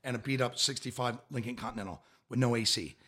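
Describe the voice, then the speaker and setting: A man in his fifties, an impersonator of a famous singer, telling his story in a casual interview, animated and laughing often. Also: medium pitch, fast talker. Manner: animated, laughing often, slips into quoted voices.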